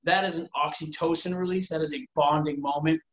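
A man's voice: a little high, fairly even intonation, a little fast, fairly bright tone. A man in casual chat, talking earnestly and at length, full of "like" and acted-out quotes. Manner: rambling, earnest, fillers of "like", acts out quoted dialogue. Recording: roomy, dull sound.

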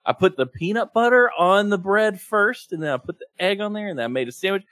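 A man on a podcast as a guest, chatting casually and telling a story with lively quoted asides. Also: sits high, quick pace, no echo, clean studio sound. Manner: animated storytelling, acting out his own quotes. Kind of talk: casual chat. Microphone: remote, streaming in.

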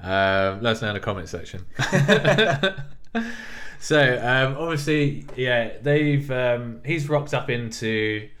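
A man's voice: medium pitch, lively intonation, slow pace, fairly bright tone. A man co-hosting a casual film podcast, talking with frequent ums and restarts. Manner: hesitant, lots of ums and restarts. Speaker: podcast co-host.

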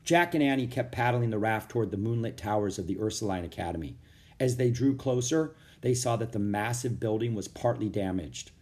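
A man narrating a children's chapter book aloud in a steady, expressive reading. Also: on the low side, a little fast. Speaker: audiobook narrator. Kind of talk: storybook read-aloud.

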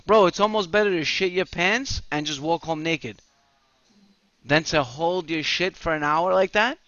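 Animated New guy, crude podcast banter. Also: fairly high pitch, moderate pace, no echo, highs cut off. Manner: animated, profane storyteller who laughs often. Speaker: podcast co-host.

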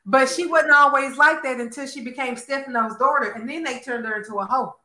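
A woman with a high, bright, sharp voice talks in an animated, gossipy way and keeps throwing in "honey" and "girl". Her voice rings in a roomy, echoey space, and she sounds like she is hosting a casual chat. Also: fairly quick. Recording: roomy echo.

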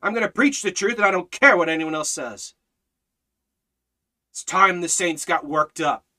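A man preaching a fiery sermon, hammering rhetorical questions and swinging between loud exhortation and low, intense emphasis. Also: moderate pace.

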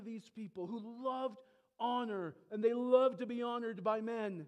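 A male pastor preaching a sermon, emphatic, with rhetorical questions, swinging between loud exclamations and hushed asides. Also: extremely high pitch, a little slow. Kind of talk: expository sermon.

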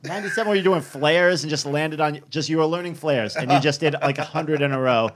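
A man from New England hosts a podcast in easygoing chat, upbeat and quick to laugh. His voice sits slightly high for a man. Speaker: podcast host.

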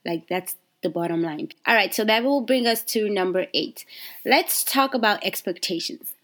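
Candid, animated woman business coach. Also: medium pitch, moderate pace. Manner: animated and candid, frequent fillers and self-corrections. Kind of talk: casual motivational podcast talk.

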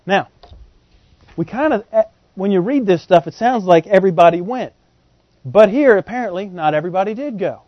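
A man's voice: high voice, lively intonation, normal speed, dry recording, muffled recording. A man preaching a sermon in a joking, folksy way, with slang, who often asks the congregation questions.

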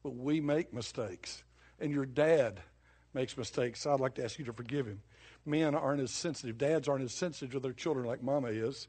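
A husky-voiced older man delivers a sermon like he is talking across a kitchen table. His homespun storytelling keeps breaking into sudden emphatic punches, then drops back to plain talk. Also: mid-range voice, brisk, darkish tone. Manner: folksy, conversational storytelling with sudden bursts of emphasis. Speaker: preacher.

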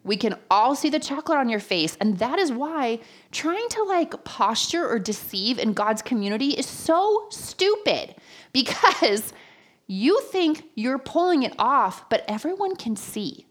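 A woman preaching a sermon, telling personal stories with lively, acted-out quotes. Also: high-pitched, measured pace. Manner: animated storytelling, acts out quotes.

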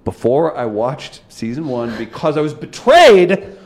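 A man's voice: a little high, big pitch swings, a little slow. A man co-hosting a casual talk show, insisting emphatically on his point to listeners. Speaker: co-host. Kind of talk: casual chat.

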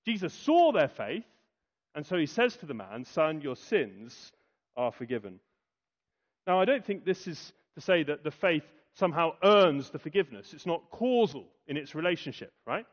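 A man preaching a sermon, asking rhetorical questions and pausing for effect. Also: a little high, sing-song. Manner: rhetorical questions, dramatic pauses and acted quotes. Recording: dull lo-fi recording.

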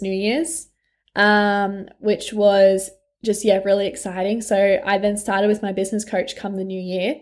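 Young aussie life coach vlogging, blunt, swears a lot, lots of laughing. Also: female voice, mid-range voice. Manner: frank and animated, swears freely, laughs often. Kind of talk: candid personal vlog.

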